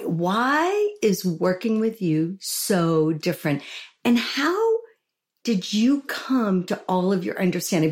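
A woman's voice: medium pitch, a little mellow. A woman hosting a podcast interview, talking in a gushing, emotional, chatty way. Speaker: podcast host.

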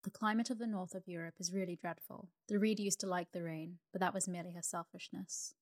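A woman voicing a fussy, self-important male swallow in a storybook reading for sleep, a little higher and louder than her own voice. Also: steady tone, brisk, dry recording, studio quality. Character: fussy, proud male swallow, a small bird.

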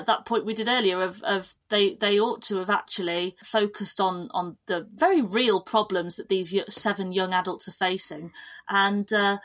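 A woman guest on a podcast, chatting casually in a lively, animated way with frequent restarts. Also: medium pitch. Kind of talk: casual chat.

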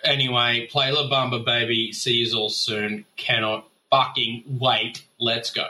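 A man with an Australian accent rants into a voicemail in a blustering, profane, mock-angry way. His voice is very bright and cutting, pitched at an ordinary middle height. He talks in a loose, casual manner. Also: level tone, unhurried. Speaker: voicemail caller.

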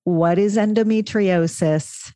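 A woman podcast co-host who asks questions and sums up points with warm emphasis. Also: mid-range voice, slow pace, no echo. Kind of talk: podcast interview.

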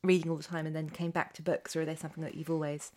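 Woman host asking about books, lowish voice, easygoing and a bit self-mocking. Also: little pitch movement, rapid-fire, a little mellow. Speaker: interviewer. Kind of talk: casual interview chat.

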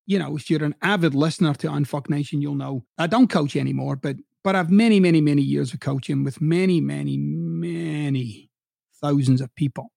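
A man's voice: fairly high pitch, fast talker, gravelly, few pauses, darkish tone, dry recording, studio quality. Blunt, profane middle-aged male podcast host. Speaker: podcast host, former coach. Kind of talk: motivational monologue.

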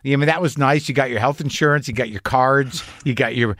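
A man hosting a casual interview, reacting to the guest with quick asides. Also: mid-range voice, a bit bright, no room sound, clean studio sound. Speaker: interviewer host.

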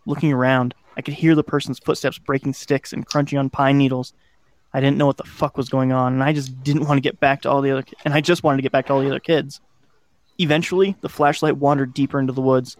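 A man's voice: mid-range voice, no echo. A man hosting a podcast, casually narrating a scary childhood story and swearing now and then. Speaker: podcast host.

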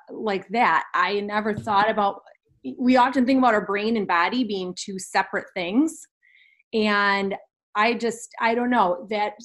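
A woman's voice: medium pitch, fairly bright tone. Young woman, podcast guest, candid, earnest storytelling. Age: 20s. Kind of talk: personal story in a podcast interview.

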